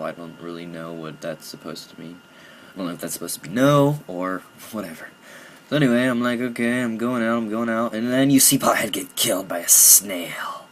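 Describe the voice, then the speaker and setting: Young male gaming commentator, lowish voice, casual with mock-serious theatrics, faint noise behind. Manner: mock-dramatic, joking about his own feelings.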